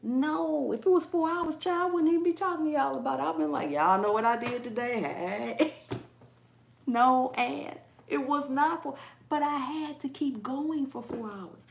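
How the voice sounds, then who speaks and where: A woman's voice: sits high, measured pace, gravelly, reverberant. A woman hosting a gardening channel's livestream, chatting casually and greeting viewers by name as their comments come in. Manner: animated, chatty, reads out and greets live chat.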